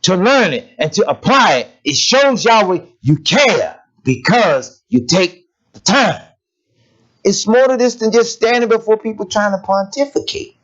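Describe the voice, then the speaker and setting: A man preaching a sermon in a lively, conversational way, asking rhetorical questions and laughing as he goes. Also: high-pitched, measured pace. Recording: dull lo-fi recording.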